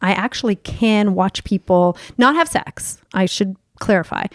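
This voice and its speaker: A woman's voice: mid-range voice, unhurried, dry recording, clean studio sound. A woman hosting a podcast as a sex coach, talking in a bubbly, playful and openly profane way. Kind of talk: candid podcast chat.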